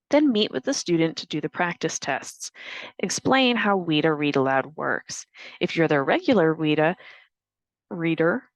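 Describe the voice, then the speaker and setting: Woman, lowish voice, dry close voice-over, clear instructional training narration. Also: no echo.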